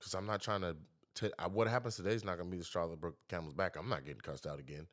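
A man co-hosting a casual podcast, teasing and animated, jumping into high exaggerated voices when he quotes people. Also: racing. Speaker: podcast co-host.

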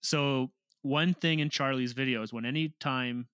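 A man's voice: mid-range voice, unhurried, clear, resonant tone, no echo. A man co-hosting a podcast, telling stories in casual chat and laughing as he goes. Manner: laughing, animated storytelling with crude jokes. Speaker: podcast co-host.

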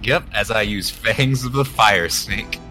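Man, game player, bright tone, slightly low pitch, hesitant, casual. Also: a little slow, soft background music. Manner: hesitant, many fillers. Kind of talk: casual tabletop game play.

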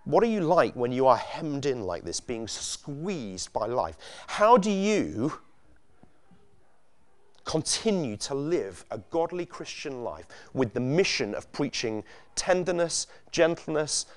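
A man's voice: medium pitch, very animated, takes it slowly. A man preaching a sermon in a conversational way, asking his listeners many rhetorical questions.

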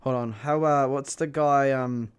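A man's voice: mid-range voice, steady tone, unhurried, a crowd in the background. A man co-hosting a casual podcast, joking around and trailing off into fillers. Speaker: podcast co-host.

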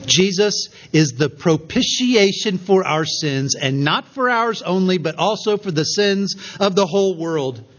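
A man preaching an earnest expository sermon, slowing down with emphatic pauses on key points. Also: sits high, lively intonation, highs cut off. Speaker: pastor.

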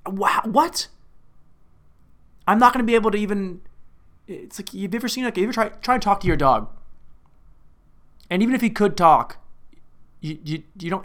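A young man hosting a casual comedic rant, animated and exasperated, with frequent swearing. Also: high voice. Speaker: host.

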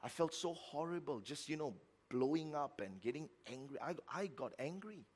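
A middle-aged man preaching a sermon as pastor, telling a story with emphatic repetition and sudden swings between loud and quiet. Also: a little high, lively intonation, normal speed. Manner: repeats words for emphasis.

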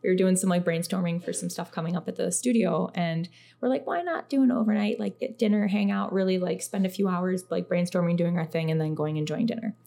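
Low, gravelly-voiced woman telling a story. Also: fairly quick, few pauses. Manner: animated storyteller, heavy use of "like", acts out quoted speech. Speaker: podcast guest. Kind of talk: casual podcast chat, storytelling.

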